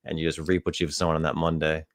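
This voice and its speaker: A man's voice: extremely low pitch, little pitch movement, quick pace, no room sound. A man co-hosting a casual podcast, easygoing, explaining things with dry asides. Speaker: podcast co-host. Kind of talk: casual chat.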